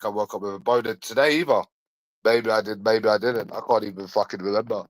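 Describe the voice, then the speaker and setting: A man's voice: fairly low pitch, fairly quick, no room sound, poor audio. Sweary ranting London man. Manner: repetitive, sweary, sarcastic. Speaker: vlogger. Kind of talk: ranting monologue.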